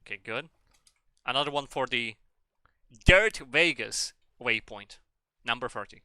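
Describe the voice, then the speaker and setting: A man's voice: medium pitch, animated, unhurried, pushed and bright, dry recording, clean studio sound. A man streaming a game and chatting casually in a rambling, sweary, joking way. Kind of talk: casual chat while gaming.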